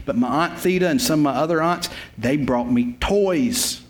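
A man's voice: a little high, normal speed. A man, preaching a sermon as a pastor. He tells the story in an emphatic, repetitive way with folksy humor. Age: 50s.

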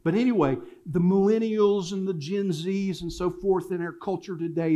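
Older male pastor, slightly high voice, storytelling sermon delivery, repeats lines for emphasis. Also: normal speed, a little mellow. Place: church sanctuary.

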